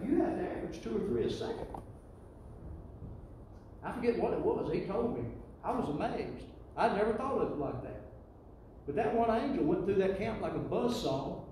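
A man preaching a sermon, building to loud call-and-response with the congregation. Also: high-pitched, a little hiss or hum. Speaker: pastor. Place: church sanctuary. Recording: echoey church hall, distant mic.

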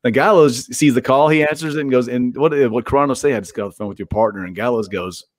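Profane, animated male wrestler storyteller. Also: medium pitch, fast talker, no echo. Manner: animated, profane, acts out quotes. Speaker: pro wrestler guest. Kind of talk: casual storytelling interview.

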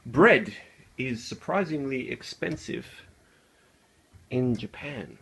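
A man's voice: medium pitch, lively intonation, slow, creaky, fairly bright tone, slight background noise. A young Australian man chatting casually as he cooks in a small kitchen, rambling with lots of fillers and slang. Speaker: vlogger. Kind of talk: casual cooking vlog.

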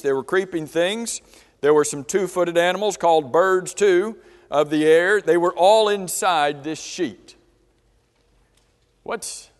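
Man, slightly high voice, slow deliberate sermon with questions, church hall reverb. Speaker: preacher. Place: church auditorium.

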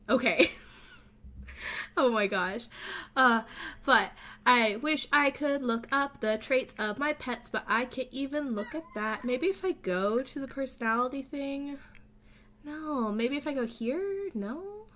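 A young woman giving casual gameplay commentary as a let's play host, gushing and excitable, often gasping. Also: high voice, slow pace.

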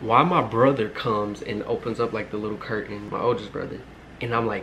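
A man's voice: lowish voice, steady tone, brisk, fairly bright tone, a little hiss or hum, poor audio. A man in his twenties casually telling a personal story to his viewers, rambling, with lots of filler words and swearing. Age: 20s. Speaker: storytime vlogger.

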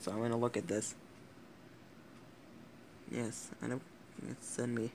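Teen vlogger, male, gravelly fry, rambly and giggly, swears a lot, mid-pitched. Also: flat delivery, a little slow, darkish tone, a little hiss or hum. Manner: giggly, rambling, swears often, self-interrupting. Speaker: YouTuber. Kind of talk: casual rambling vlog commentary.

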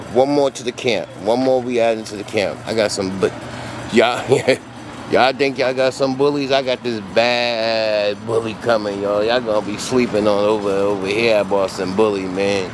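Deep-voiced man, excited casual vlogger, phone recording outside with heavy street noise. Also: measured pace. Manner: hyped, slangy, talks straight to viewers. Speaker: dog breeder and kennel owner. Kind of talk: casual vlog walkthrough. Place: outdoors at a kennel yard. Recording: loud outdoor noise with traffic.

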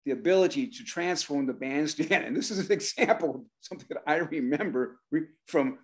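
An older man, a drummer, telling an animated story on a talk show and acting out the voices of the people in it. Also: on the high side, a little fast. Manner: animated, acts out voices and shouts in his stories. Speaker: guest drummer.

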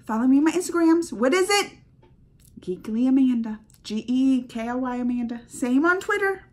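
Bubbly, high-pitched woman reacting on camera. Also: fairly quick. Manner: playful, sing-song and excitable, drops into whispers. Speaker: reaction video host. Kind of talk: casual reaction commentary.

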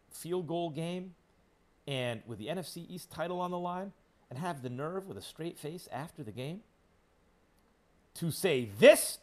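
Animated, heated sports radio host. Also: male voice, fairly high pitch. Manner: emphatic, sarcastic, heated. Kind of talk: sports talk radio rant.

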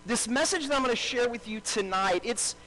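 A man with a strikingly high voice preaches a live sermon in a church. He repeats his key phrases for emphasis and draws answers from the congregation. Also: fairly quick, bright, forceful tone, a little hiss or hum, rough recording. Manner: calls out to the congregation and asks for responses. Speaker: pastor. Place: church service before a congregation.

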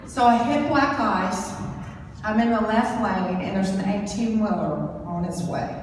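A woman speaking on a convention stage, giving a motivational talk and telling a story with dramatic pauses, through a hall microphone. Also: medium pitch, a little mellow, slight background noise. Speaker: conference speaker. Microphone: handheld stage microphone through PA. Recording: echoey arena from far off.

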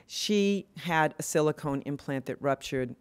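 A woman's voice: low voice, measured pace, clear, resonant tone. An older woman speaking earnestly and with passion at an award event, with frequent fillers and restarts. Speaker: award speaker, women's health advocate.

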